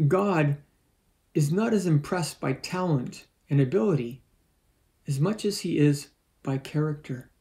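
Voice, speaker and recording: A man preaching a sermon as lead pastor and reading scripture aloud in a measured, earnest way. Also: a little high, warm tone, low-quality recording. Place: church.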